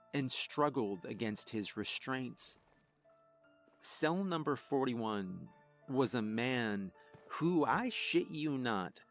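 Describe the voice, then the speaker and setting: Male horror narrator, slow and ominous, measured scripted delivery, faint music underneath. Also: medium pitch.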